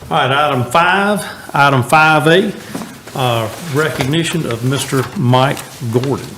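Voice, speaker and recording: A man chairing a town council meeting, calling votes in brisk, formal procedure. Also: medium pitch, fairly bright tone, slight background noise. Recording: echoey council chamber.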